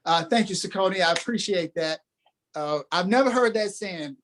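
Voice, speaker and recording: A man's voice: high voice, expressive, moderate pace, fairly bright tone, faint music behind. A man who is a guest on a podcast, giving a motivational talk with emphatic, preacher-like delivery and repeated phrases.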